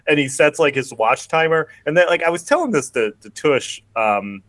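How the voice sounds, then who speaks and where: A man's voice: a little high, animated, fairly bright tone, dry recording. A man hosting a podcast who recaps a film in casual, rambling chat full of "like". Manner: rambling, heavy on "like", quick bursts. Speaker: podcast host.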